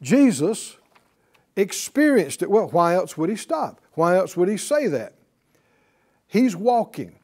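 A man's voice: high-pitched, sing-song, slow, pauses often, a little mellow. A man teaching a Bible class in a preaching style, repeating key words and calling on the class to answer. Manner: emphatic, repeats key words, calls for responses.

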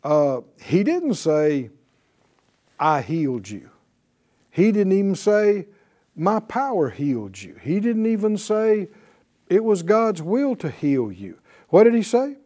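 Man, Bible teacher, teaching sermon, high voice, mellow tone, emphatic, rhetorical questions. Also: sing-song, slow pace. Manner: emphatic, asks rhetorical questions and repeats phrases.

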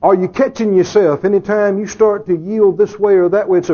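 A man preaches with a light, joking touch, chuckling and asking his listeners rhetorical questions. His voice sits high and has a husky grain. The recording is dull and lo-fi. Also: steady tone, brisk. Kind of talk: sermon.

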